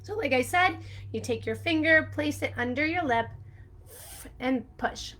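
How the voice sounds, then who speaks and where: A woman speech-language pathologist explaining a speech sound step by step, bubbly and quick to laugh. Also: sits high, expressive, sharp tone. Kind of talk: upbeat instructional video with a sung intro.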